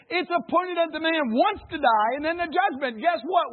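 A pastor preaching a sermon in call-and-response style, swinging between loud and hushed passages. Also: male voice, very high-pitched, animated, unhurried, long pauses. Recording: tinny phone-like recording.

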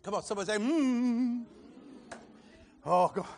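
Male preacher, high-pitched, scratchy-throated, fervent call-and-response delivery. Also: lively intonation, normal speed, faint music behind. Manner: builds to fervent shouting, calls for responses. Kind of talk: live sermon to a congregation.

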